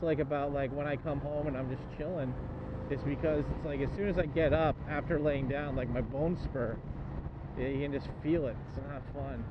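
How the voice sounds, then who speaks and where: A young man riding a motorcycle outdoors, rambling, joking and swearing to his viewers in casual commentary. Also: mid-range voice. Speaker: motorcycle travel vlogger. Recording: muffled sound with loud road noise.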